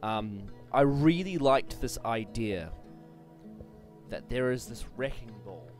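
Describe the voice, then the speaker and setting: A man co-hosting a TV review chat, animated, swearing and laughing a lot. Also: mid-range voice, takes it slowly, faint music behind. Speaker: podcast co-host reviewing TV. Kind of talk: casual chat.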